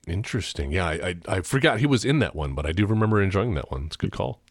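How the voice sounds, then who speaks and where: Low-voiced male podcast host, dry sound. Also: sing-song, very fast, breathy edge, no echo. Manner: thoughtful, hesitant with ums. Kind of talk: casual movie chat.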